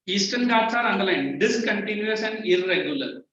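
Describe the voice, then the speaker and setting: A man's voice: sits high, expressive, normal speed, fairly bright tone. A man with an Indian English accent teaching a class, mixing English with Hindi and firm with students, recorded from a distance in a classroom. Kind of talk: classroom lecture. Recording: echoey, distant, muffled classroom recording with faint noise.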